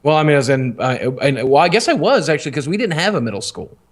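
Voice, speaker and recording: A man's voice: a little high, big pitch swings, quick pace. Candid rambling man. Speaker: podcast co-host. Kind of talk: casual storytelling.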